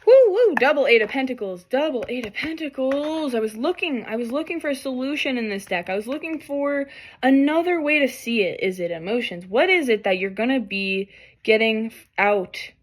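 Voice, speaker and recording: A woman talks through a tarot spread for her viewers in a slightly high voice. She keeps breaking off in halting, apologetic bursts, overwhelmed and near tears. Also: expressive. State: crying at times. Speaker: tarot reader. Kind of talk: emotional tarot reading vlog.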